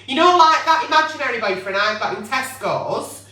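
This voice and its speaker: A woman's voice: high-pitched, expressive, moderate pace, sharp tone, far from the mic. A woman hosting a late-night advice chat, blunt and sweary, firing off rhetorical questions. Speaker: advice show host. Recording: echoey room, away from mic.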